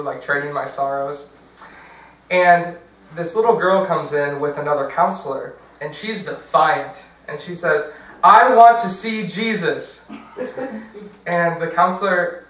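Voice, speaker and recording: A man's voice: on the high side, bright, forceful tone. A young man giving a casual workshop talk, chatty, with fillers and self-corrections. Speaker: diocesan workshop presenter. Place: large church hall. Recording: very echoey, from far off.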